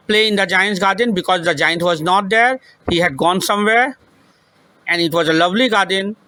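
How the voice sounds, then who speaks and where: A male teacher reads a children's story slowly and with emphasis, stopping often to repeat and explain the lines. His voice is high and bright, and the recording is close and dry. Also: no echo, low-quality recording.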